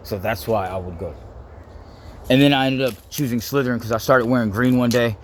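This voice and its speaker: A young man, rambling casually to camera, full of "like" and quick to laugh. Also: mid-range voice, slight background noise. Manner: rambling, heavy use of "like", laughs easily. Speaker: vlogger.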